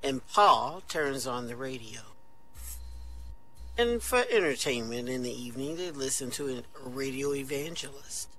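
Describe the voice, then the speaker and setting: A man telling a long joke on stage in a relaxed, chatty way. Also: mid-range voice, measured pace, poor audio. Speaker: amateur comedian.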